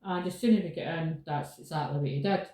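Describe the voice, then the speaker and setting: A woman chatting casually, her voice low and mellow, hammering home her points with steady repetition. She sits back from the mic in a strongly echoing room. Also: quick pace, distant mic. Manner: emphatic, repeats her points firmly. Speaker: podcast host. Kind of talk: casual chat.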